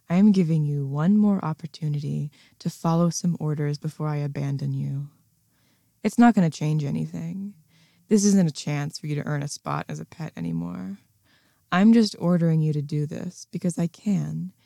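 A woman's voice: deep voice, mellow, no echo, clean studio sound. A woman performing an adult audio role-play in a mocking, commanding manner, breaking into scornful laughs.

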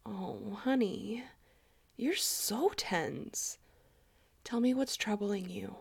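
Whispered role-play: a doting, teasing middle-aged mother, as a woman plays her, cooing softly and drawing her words out very slowly. Her voice has a gravelly, fry-tinged edge, and she keeps slipping into breathy murmurs. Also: mid-range voice, expressive, heavily acted. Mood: flirtatious whisper. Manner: coos and murmurs, soft breathy asides.

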